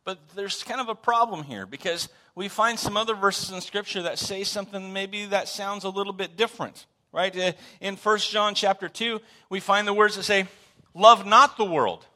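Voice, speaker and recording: Man preaching a sermon, very bright voice, slightly high, chatty, dramatic emphasis. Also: fairly even intonation, normal speed, hardly any pauses. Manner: conversational, asks the congregation questions, repeats words. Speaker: pastor. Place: church sanctuary.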